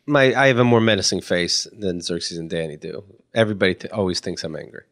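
A man's voice: sits low, quick pace, a bit bright, no room sound, clean studio sound. A man co-hosting a podcast who teases his friends in a sardonic, joking way. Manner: teasing, sardonic. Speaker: podcast co-host. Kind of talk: casual chat.

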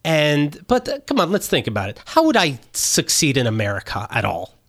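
Loud, jokey male podcast host. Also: fairly high pitch, wildly swooping pitch, normal speed. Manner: loud, jokey, slips into voices. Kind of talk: casual comedy chat.

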